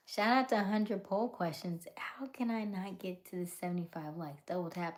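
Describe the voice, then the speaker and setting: A woman hosting a casual live stream, greeting viewers by name and reading their comments, often dropping into a soft whisper. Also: lowish voice, normal speed, hardly any pauses. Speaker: livestream host.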